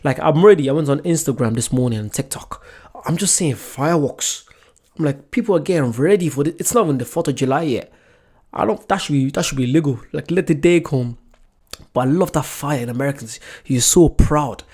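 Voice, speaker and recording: A man's voice: on the high side, lively intonation, fairly quick, darkish tone, husky. A man hosting a reaction video, chatting casually and enthusiastically.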